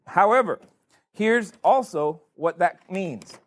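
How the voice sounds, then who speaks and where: A man's voice: high-pitched, expressive, unhurried. A man running a board game for a live seminar audience, teasing them with playful questions. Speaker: real estate educator running a board game. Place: event room in front of a live audience.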